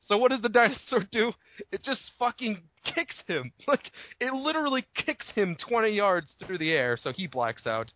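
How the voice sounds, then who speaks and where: A man's voice: high voice, moderate pace, dry recording. Swearing, laughing podcast co-host man. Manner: animated, swears freely, laughs often. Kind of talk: casual book discussion podcast. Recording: dull lo-fi dry recording.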